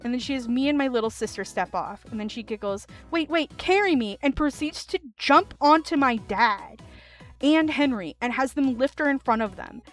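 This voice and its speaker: A woman streamer reading online stories aloud, with animated commentary and laughing asides. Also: a little high, moderate pace, faint music behind.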